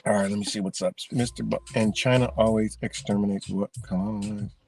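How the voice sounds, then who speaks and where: A man's voice: on the low side, steady tone, brisk, creaky, a little mellow. A man ranting in a heated, profane monologue, repeating himself and swearing often. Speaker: vlogger.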